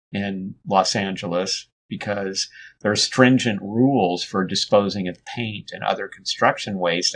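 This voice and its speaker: Low-voiced man telling a story. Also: a little hiss or hum. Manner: relaxed, rambling, frequent restarts and fillers. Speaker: interview guest. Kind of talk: conversational storytelling.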